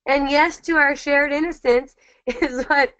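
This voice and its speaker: A woman hosting an online spiritual dialogue, talking gently and reflectively, repeating key phrases and restarting sentences often, over slightly muffled lo-fi call audio. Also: high-pitched, steady tone, unhurried, dry recording. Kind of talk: reflective spiritual teaching talk.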